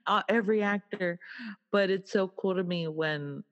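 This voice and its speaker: A podcast co-host in casual comedic chat, playful and quick to laugh. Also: mid-range voice, dull audio. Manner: giggly, playful, laughs often.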